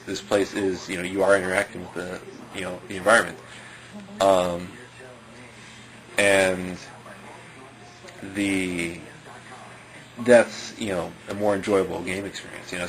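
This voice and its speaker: A man's voice: low voice, low-quality recording. A man giving loose, rambling spoken commentary, leaning on fillers and chuckling now and then. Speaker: video commentator.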